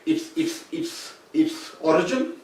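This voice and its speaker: A man's voice: very high voice, very animated, slow pace, gravelly. A man giving an academic seminar talk, explaining ideas and rephrasing his points as he goes. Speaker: seminar speaker. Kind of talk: academic lecture. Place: seminar room. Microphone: distant room mic. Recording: very echoey room from far off.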